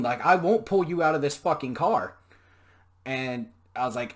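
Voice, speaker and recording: A man's voice: a little high, animated, moderate pace. A young man telling stories in a casual monologue, profane, sarcastic and ranting. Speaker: podcast storyteller.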